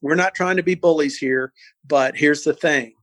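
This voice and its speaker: An older man tells a long story in an interview, animated and quick to repeat himself as he builds up a scene. His voice sits a bit high for a man. The sound is dry and close. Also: no echo. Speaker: interview guest.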